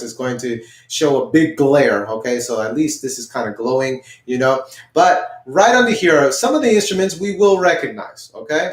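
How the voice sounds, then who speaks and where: A man teaching an online music lesson, patiently explaining and having learners repeat words after him, with a frequent "okay?". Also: mid-range voice. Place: indoors, showing pictures on screen. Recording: roomy echo.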